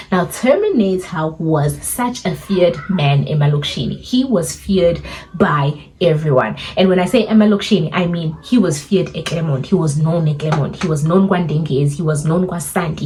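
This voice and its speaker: A young woman with a South African accent tells a story in a casual, animated way, switching between English and Zulu and acting out what people said. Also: on the low side, slight background noise. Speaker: storyteller vlogger.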